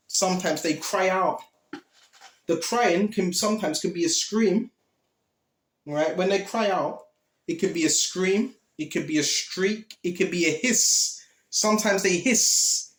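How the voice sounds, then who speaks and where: A man giving an informal Bible teaching in a conversational way, reading scripture aloud and often checking in with the listener. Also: sits high. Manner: conversational, reads scripture aloud, often asks "right?" and "okay?". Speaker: preacher. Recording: roomy echo.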